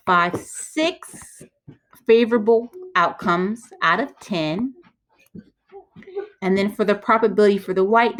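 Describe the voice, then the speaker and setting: A woman math teacher talking herself through probability problems step by step, chatty and self-correcting. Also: mid-range voice. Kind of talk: thinking-aloud math walkthrough.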